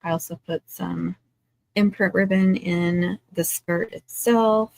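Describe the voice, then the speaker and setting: A woman's voice: fairly low pitch, fairly even intonation, slow, gravelly, darkish tone, slight background noise. Chatty woman crafting live. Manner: chatty, dry sarcastic asides. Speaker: craft live-stream host. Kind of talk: casual chat while crafting. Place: home craft table.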